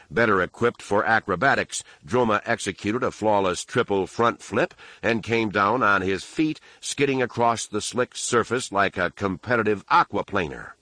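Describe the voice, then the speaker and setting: A man narrating an audiobook in a steady, measured storytelling manner. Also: lowish voice, no echo. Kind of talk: scripted narration.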